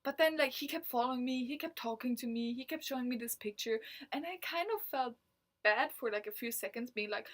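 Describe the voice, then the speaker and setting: A woman's voice: on the high side, fairly quick, fairly bright tone. A woman from Germany, a native German speaker, talking casually to camera, telling a story with frequent laughs and fillers. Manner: chatty, laughs often, many fillers like "like". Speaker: vlogger.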